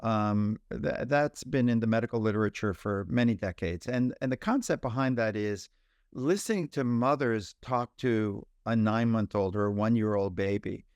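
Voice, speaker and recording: A man who is a pediatrician, a guest on a podcast interview, explaining ideas in an animated way with examples. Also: lowish voice, moderate pace, clear, resonant tone, dry recording.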